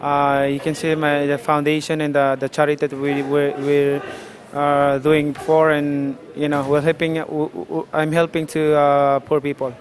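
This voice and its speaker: Halting male boxer with a flat voice. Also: a little high. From Philippines. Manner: halting, with many fillers. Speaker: boxer, interview guest. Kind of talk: interview answers.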